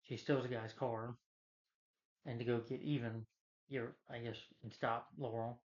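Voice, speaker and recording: A man rambles through a casual movie recap, stacking fillers and restarting his sentences as he goes. His voice sits at an ordinary middle pitch. The recording sounds dull and lo-fi. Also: flat delivery, measured pace, a little mellow. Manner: rambling, filler-heavy retelling with many restarts. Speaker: film reviewer.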